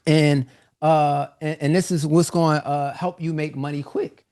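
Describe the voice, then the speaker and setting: A man hosting a live online webinar, pitching a business course in an energetic, repetitive, informal style, a little out of breath. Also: a little slow. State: slightly out of breath.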